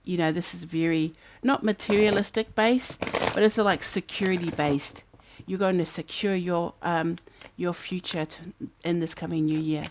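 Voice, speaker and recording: New woman, tarot reader, lowish voice, chatty and rambling, thinks out loud to her viewers. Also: steady tone, normal speed, few pauses, slight background noise. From New Zealand. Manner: chatty, musing aloud, breaks into snatches of song. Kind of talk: casual tarot reading to camera. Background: fan humming in the background.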